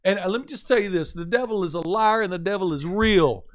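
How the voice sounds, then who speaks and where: A man who is a pastor, talking about faith in an earnest, animated storytelling way with a preaching cadence. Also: high voice, quick pace. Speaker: pastor, podcast guest.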